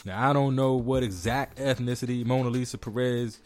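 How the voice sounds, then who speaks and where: A man's voice: mid-range voice, fairly even intonation, fairly quick, darkish tone, faint music behind. A man hosting a casual podcast, joking around and reading news stories aloud to his co-host.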